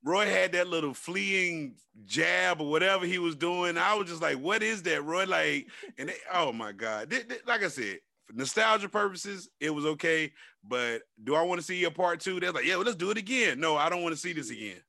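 A man co-hosting a loose chat show, talking with a lot of animation and heavy profanity. His voice sits high for a man, with a gravelly edge and a bright, sharp tone. The sound is dry and close. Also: normal speed, few pauses, dry recording. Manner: animated, profane, acts out quotes in raised voice. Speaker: podcast co-host. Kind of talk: casual chat.

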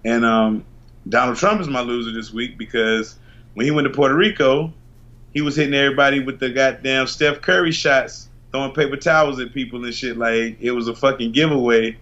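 A man's voice: mid-range voice, steady tone, brisk, fairly bright tone, dull audio. A man co-hosting a podcast, talking in a laid-back, profane, laughing way. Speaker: podcast co-host. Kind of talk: casual chat.

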